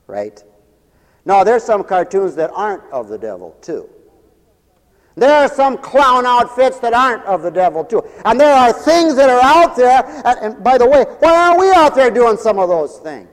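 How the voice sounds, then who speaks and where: A man preaching a revival sermon with fervent, rhythmic repetition, interjecting hallelujahs and swinging from ringing exclamations to low muttered asides. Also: big pitch swings, normal speed. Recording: long hall reverb.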